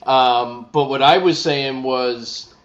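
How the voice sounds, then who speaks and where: A man co-hosting a casual live talk stream, relaxed, reading viewer comments aloud. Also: mid-range voice, slow pace, lo-fi sound. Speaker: wrestling podcast co-host.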